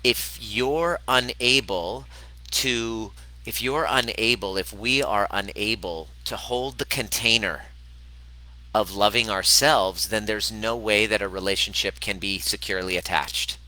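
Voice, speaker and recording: A man's voice: lowish voice, unhurried, bright, forceful tone, rough recording. A man hosting a casual livestream, speaking candidly and emphatically, swearing freely and repeating points to drive them home. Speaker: host of a livestream on self-love and healing.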